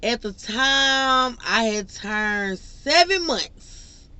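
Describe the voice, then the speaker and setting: A young woman vlogger telling a personal story in an animated, laughing, casual way. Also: on the high side, very slow, clean tone. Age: young adult. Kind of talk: storytime vlog.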